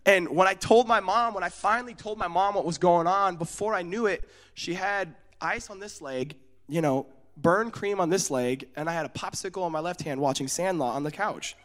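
A young man from Oregon preaching in a casual, storytelling way, animated and acting out the voices in his stories. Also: high-pitched, moderate pace. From United States, Oregon. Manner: casual, often asks "you know what I'm saying?". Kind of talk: storytelling sermon.

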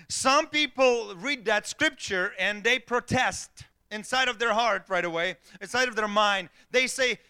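A man's voice: very high-pitched, unhurried, pushed and bright, clean tone. A man preaching a sermon in a church, opening with a joke and then speaking earnestly. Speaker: pastor.

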